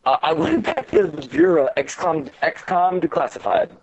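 A man's voice: sits high, huge pitch swings, moderate pace, vocal fry, breathy edge. Rambling man chatting casually, lo-fi sound. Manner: rambling, many fillers and restarts. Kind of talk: casual chat about video games.

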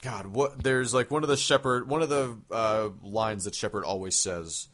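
A man's voice: on the low side, moderate pace, fairly bright tone. A man in casual gaming chat, rambling with lots of fillers and the odd swear word. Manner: rambling, lots of fillers and swearing, laughs at his own stories.

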